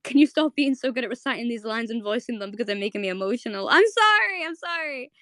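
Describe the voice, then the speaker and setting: Brief: young woman chat host, excitable and emotional, casual cursing, dry close sound. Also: on the high side, racing, no room sound. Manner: gushing, emotional, swears freely, rambling. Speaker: host of a live audio chat.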